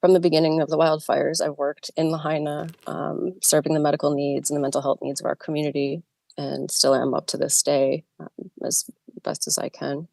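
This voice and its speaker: A middle-aged nurse giving emotional, halting testimony by video call from her car. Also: deep voice, little pitch movement, creaky, a little mellow, no echo. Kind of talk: personal testimony.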